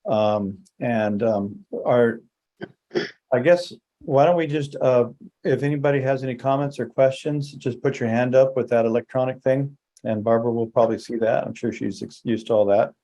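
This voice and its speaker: A man moderating an online discussion, thanking the speaker and inviting questions in a halting way with many fillers. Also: medium pitch, dark tone, muffled recording.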